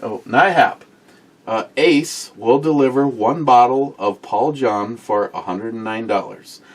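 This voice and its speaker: Man, mid-pitched, co-hosting a casual talk show; easygoing and joking. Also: a little slow. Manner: joking, chatty. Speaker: co-host. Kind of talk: casual chat.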